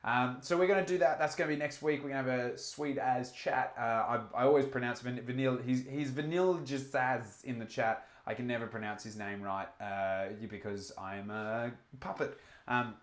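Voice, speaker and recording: An Australian man hosts a casual live stream and answers his chat in loose, rambling talk. He jokes a lot and restarts his sentences with plenty of fillers. His mid-pitched voice rings in an echoey room. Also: steady tone, moderate pace. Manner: rambling, joking, many fillers and restarts, reads out chat comments. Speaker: livestream host.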